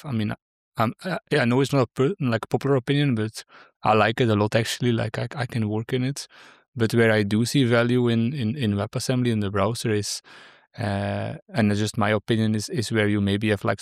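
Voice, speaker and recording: A man with a fairly low voice hosts a casual technical interview. He speaks hesitantly, restarting phrases and filling pauses with "uh". The sound is dry and close. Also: dry recording. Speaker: podcast host.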